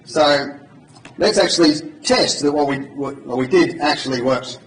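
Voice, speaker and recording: Speaking at a measured pace in a voice on the high side, this man runs an informal, jokey live coding demo for a conference crowd in a big hall. A little hiss or hum is audible, and the echoey room is captured from far away.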